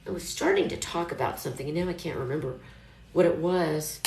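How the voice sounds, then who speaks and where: A woman's voice: deep voice, a little fast, background noise. A middle-aged woman chatting casually on a live stream, rambling and reassuring herself as she talks. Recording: echoey room.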